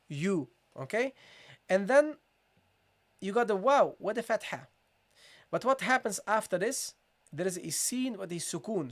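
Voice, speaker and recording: A Quran recitation teacher giving a live online tajweed lesson, who keeps saying "guys" and "okay" and drills each Arabic word in slow, drawn-out repeats. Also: mid-range voice.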